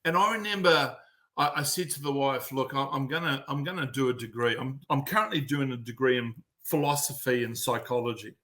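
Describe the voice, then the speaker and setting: A man's voice: mid-range voice, a little fast. A middle-aged man from New Zealand with a New Zealand accent, a mental performance coach telling stories bluntly with a lot of swearing in a casual podcast chat. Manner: blunt, heavy swearing, animated storytelling.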